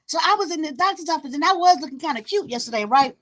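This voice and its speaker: Woman host, very high voice, animated and teasing storytelling chat. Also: fast, hardly any pauses, rough recording. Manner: animated, teasing, quotes people in lowered voice. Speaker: channel host.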